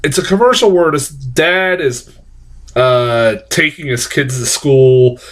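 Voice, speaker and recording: A man's voice: medium pitch, slow. Rambling, foul-mouthed man reviewing movies. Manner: rambling, profane, with many restarts and fillers. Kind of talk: casual spoken movie review.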